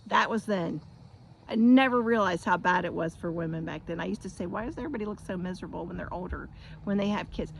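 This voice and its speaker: A woman's voice: on the low side, quick pace, creaky, a little hiss or hum. A middle-aged woman from the United States in an impassioned monologue, blunt and profane, now and then mocking others in sing-song voices. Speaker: vlogger.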